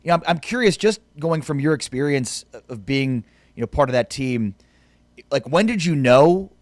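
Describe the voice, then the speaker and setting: A man's voice: on the high side, lively intonation, normal speed, no echo. A man hosting a sports radio show, asking curious, chatty questions in a casual interview.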